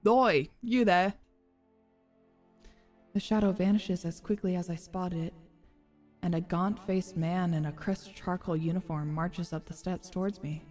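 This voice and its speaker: A woman's voice: on the low side, steady tone, moderate pace, mellow, in a large hall, faint music behind, natural voice. A woman doing a curt, dismissive guard. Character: gaunt, dismissive male gate guard.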